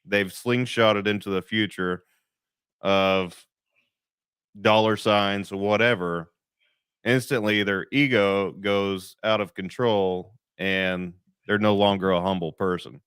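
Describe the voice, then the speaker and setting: A male podcast host with a low, smooth voice offers measured, appreciative remarks to his guest. The sound is dry and close, with almost no room echo. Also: steady tone, fairly bright tone. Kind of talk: casual interview.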